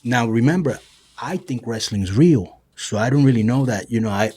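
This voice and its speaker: A man's voice: medium pitch, expressive, normal speed, dark tone, slightly rough. A middle-aged man, a guest on a show, telling stories in a casual, profane way, often saying "bro" and "you know". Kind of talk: casual storytelling.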